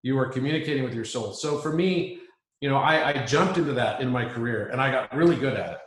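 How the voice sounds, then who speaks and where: A man's voice: mid-range voice, quick pace. A man as an interview guest, earnestly musing on spiritual ideas and restating his points. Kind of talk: reflective spiritual conversation. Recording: roomy echo.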